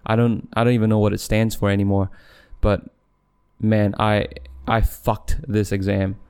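Rambling young man, low voice. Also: flat delivery, moderate pace, darkish tone, clean tone. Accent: neutral English with a light Malaysian tinge. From Malaysia. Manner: rambling, self-interrupting, laughs often. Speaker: podcast host. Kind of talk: casual solo podcast monologue.

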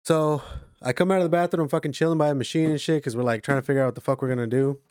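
A man's voice: fairly high pitch, steady tone, racing, darkish tone, clean tone. A young man in casual chat, telling a slangy, profane story with frequent laughs.

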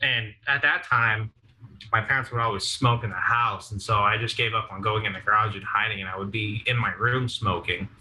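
Bright-voiced man telling crude stories. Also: fairly low pitch, brisk, poor audio. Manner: crude, laughing, animated storyteller. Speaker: podcast co-host. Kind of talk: casual storytelling chat.

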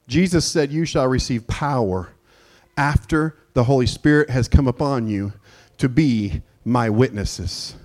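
A man preaches a lively church sermon, telling stories and bursting into excited shouts. His voice sits high for a man. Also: moderate pace. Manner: animated, storytelling, breaks into shouted excitement. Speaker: pastor.

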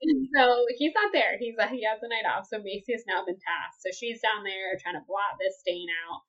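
A woman, co-hosting a casual book-club podcast, gushing and excitable as she recaps chapters. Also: mid-range voice, moderate pace. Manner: excitable, gushing, breaks into laughter. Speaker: podcast co-host. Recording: slightly dull lo-fi audio.

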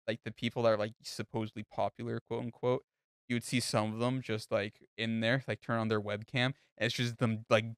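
A man's voice: on the low side, smooth, dry recording, clean studio sound. A young man co-hosting a podcast, telling crude, rambling stories full of fillers in casual chat. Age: young adult. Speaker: podcast co-host.

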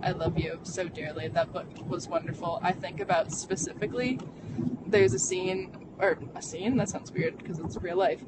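Halting young adult talking in a car. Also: mid-range voice, steady tone. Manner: halting, heavy on fillers, frequent restarts. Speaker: vlogger. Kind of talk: candid personal storytelling. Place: inside a car. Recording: vehicle noise behind. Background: car road noise.

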